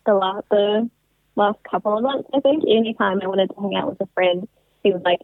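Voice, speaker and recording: Over a tinny phone line with a dry sound, a woman in her twenties tells her story as a guest in a casual interview. She's chatty, leaning on "like" and "um," with a medium-pitched, steady voice at a slightly fast pace.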